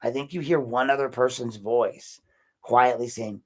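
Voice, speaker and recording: Podcast host, male, middle pitch, emphatic rambling commentary. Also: a little slow. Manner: animated, emphatic, with rambling restarts. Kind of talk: casual commentary monologue.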